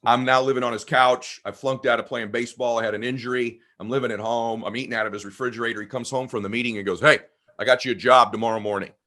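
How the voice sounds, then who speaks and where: A man, a guest on an interview podcast, telling personal stories with animated emphasis. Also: medium pitch, fast talker, few pauses. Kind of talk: storytelling conversation.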